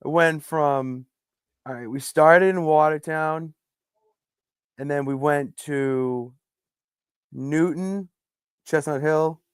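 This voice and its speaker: A man in his twenties chatting casually, with joking, deadpan asides. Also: a little high, takes it slowly, pauses often, clear, resonant tone, no room sound, clean studio sound. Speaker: panelist. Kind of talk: casual chat.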